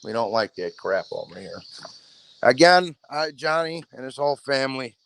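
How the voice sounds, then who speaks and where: A man's voice: mid-range voice, very animated, normal speed, gravelly, fairly bright tone, a little hiss or hum. A man hosting a boxing talk show, rambling casually and swearing, calling his viewers "bro". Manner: profane, streetwise, talks to viewers as "bro".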